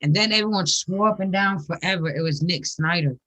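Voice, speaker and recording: A man's voice: sits high, bright, forceful tone. A man hosting a live stream, teasing his guests and laughing often in casual group chat. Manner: brash, teasing, quick to laugh. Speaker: stream host.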